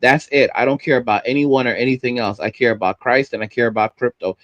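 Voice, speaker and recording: A man's voice: mid-range voice, fairly even intonation, fast talker, a bit bright, no echo, lo-fi sound. Man ranting on a livestream, dry close sound. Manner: heated, repetitive, stumbling over words. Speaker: livestream host.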